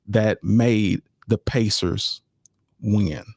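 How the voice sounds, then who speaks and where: A man's voice: lowish voice, steady tone, very slow, a little mellow, dry recording. Laid-back male podcast host, dry sound. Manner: laid-back, repeats phrases, addresses listeners as y'all. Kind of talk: casual sports chat, live stream.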